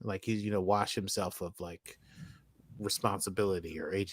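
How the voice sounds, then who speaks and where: A man's voice: low voice, fairly even intonation, normal speed. An American man co-hosting a podcast, chatting casually and rambling through an episode recap with lots of fillers and restarts. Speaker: podcast co-host.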